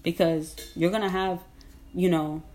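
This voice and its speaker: Low-voiced woman in an emphatic, slangy monologue. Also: steady tone, unhurried, darkish tone, a little hiss or hum. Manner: emphatic, slangy, laughs often, repeats herself. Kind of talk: casual rambling monologue.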